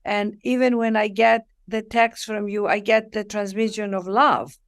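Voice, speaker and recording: A woman's voice: medium pitch, steady tone, measured pace. A woman, a guest author talking about spirit, acting out little dialogues and lingering on key words. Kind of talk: warm spiritual interview talk.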